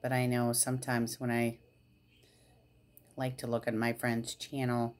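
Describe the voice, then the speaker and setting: A woman's voice: rumbling low, monotone, measured pace. A woman vlogger talking to camera in a casual, rambling way, laughing often and repeating herself. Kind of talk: casual rambling vlog chat.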